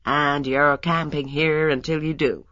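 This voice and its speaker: A woman reading an audiobook and voicing a brisk, blunt male doctor. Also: deep voice, fairly even intonation, a bit bright, no room sound, dull audio. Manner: blunt, matter-of-fact.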